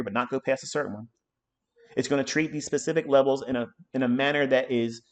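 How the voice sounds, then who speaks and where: A man's voice: medium pitch, darkish tone. A middle-aged man giving live trading commentary on a stream, ranting hard and swearing often as he talks. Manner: profane, ranting, emphatic. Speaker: trading mentor.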